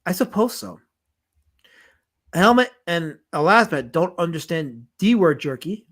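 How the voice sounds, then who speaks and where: A Southern US man hosts a laid-back comics live stream, lively and full of jokes, repeating lines as he reads chat out loud. His voice is high-pitched and his pace unhurried.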